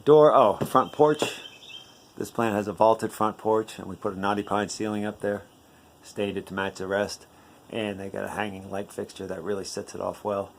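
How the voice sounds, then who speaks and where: A man with a fairly low voice walks through a newly built house he constructed. He talks casually and explains as he goes, often pausing on filler words. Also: fairly even intonation, gravelly, a little hiss or hum. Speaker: home builder. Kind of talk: walkthrough tour narration. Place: at a newly built house, outside then indoors.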